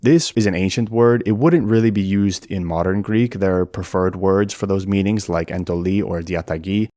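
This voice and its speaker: A man with a low, deep voice narrates an educational explainer. He talks in a clear, methodical way. The sound is close and dry. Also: moderate pace, dark tone, no room sound. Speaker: language explainer.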